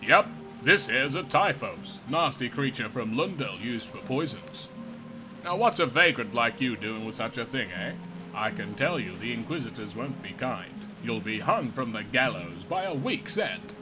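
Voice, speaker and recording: A man voicing a gruff suspicious guard. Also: medium pitch, animated, normal speed, over music, close to an everyday voice. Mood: threatening.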